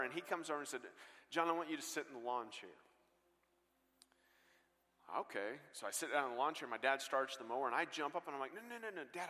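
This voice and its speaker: A man preaching a sermon and telling stories with earnest swings between loud bursts and hushed lines, on a stage mic in a large church. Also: mid-range voice. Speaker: guest pastor. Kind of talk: sermon storytelling. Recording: long hall reverb.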